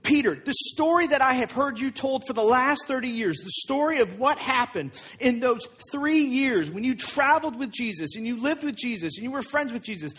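A man voicing an earnest young male companion who urges in a husky, high voice. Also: animated, moderate pace, hardly any pauses, fairly bright tone, full character voice. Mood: pleading.

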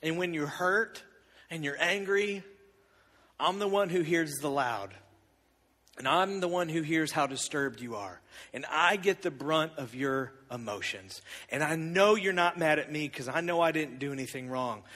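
Animated man preaching in a reverberant hall. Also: a little high, measured pace. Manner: animated, confessional storytelling with big swings in volume. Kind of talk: sermon storytelling.

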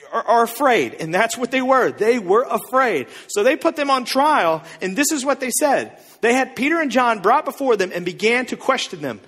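A man preaching a sermon as pastor, telling the story in a joking, animated way with sudden shouts. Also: extremely high pitch, long reverb tail.

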